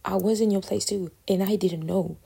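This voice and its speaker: A woman's voice: medium pitch, fairly even intonation, moderate pace, gravelly, warm tone, breathy edge. A woman hosting a casual solo podcast, talking in a candid, reflective, rambling way full of fillers and self-corrections. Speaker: podcast host.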